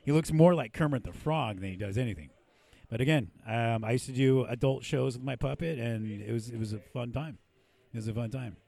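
A Mexican-American man from San Diego who hosts a podcast and works as a puppeteer speaks briskly in a mid-range voice with vocal fry and a darkish tone. In the podcast studio, he tells profane stories in casual chat and laughs often.

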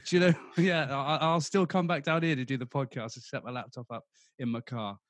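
A man with a southern English accent co-hosting a podcast, bantering and joking with a quick laugh. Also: medium pitch, steady tone. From southern England. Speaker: podcast co-host. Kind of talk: casual chat.

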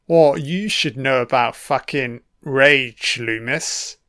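A man's voice: mid-range voice, slow pace, fairly bright tone, no echo, studio quality. Foul-mouthed British man heckling a film. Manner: profane, heckling the screen. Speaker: film commentator. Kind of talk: audio film commentary.

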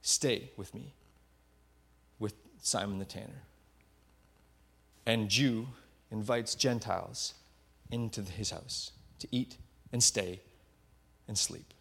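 A man preaching a sermon, retelling a Bible story vividly and often dropping to a hushed voice for effect. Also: on the low side, slow pace, gravelly, pauses often, slightly rough. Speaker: pastor.

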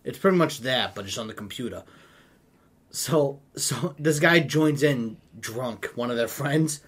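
Telling funny stories in a casual chat, this man laughs a lot and acts out other people's lines like a giggly storyteller. His medium-pitched voice is animated, unhurried, a bit bright and slightly rough.

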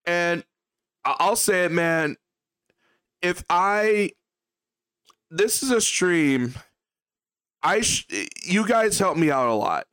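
A male streamer in a heated, profane rant that circles back on the same points again and again. His voice sits fairly high and comes through smooth and clear. The sound is dry and close, with no room around it. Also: slow pace, long pauses, fairly bright tone, no room sound. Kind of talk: ranting livestream commentary.

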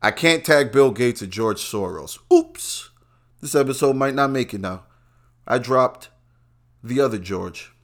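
A man, a podcast host talking in a brash, rambling, profane monologue that swings from quiet asides to loud outbursts. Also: medium pitch, lively intonation, a little slow. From Brooklyn, New York. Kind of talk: profane casual commentary monologue.

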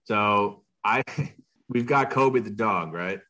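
A young adult man co-hosting a casual podcast, laid-back and quick to laugh. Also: lowish voice, pushed and bright. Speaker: podcast co-host.

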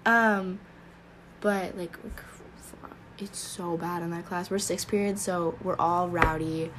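A woman's voice: lowish voice, steady tone, slow pace, a bit bright, a little hiss or hum. A teenage girl co-hosting a casual podcast, rambling and cutting herself off mid-sentence. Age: teens. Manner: rambling, self-interrupting, giggly. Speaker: podcast co-host. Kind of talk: casual chat.

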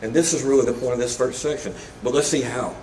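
A man's voice: medium pitch, steady tone, fast, darkish tone, a little hiss or hum. A man preaching a sermon in a conversational way, with casual asides and humor, in a church sanctuary. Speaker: pastor. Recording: echoey room, mic at a distance.

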